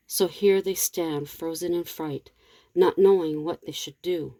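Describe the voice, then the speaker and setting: A woman reading a story aloud as narrator in a steady, measured way. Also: fairly low pitch, no echo.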